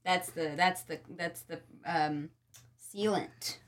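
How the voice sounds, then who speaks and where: A tired woman co-hosting a casual book club show, protesting and bantering with animated indignation. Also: fairly low pitch, takes it slowly. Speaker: podcast co-host.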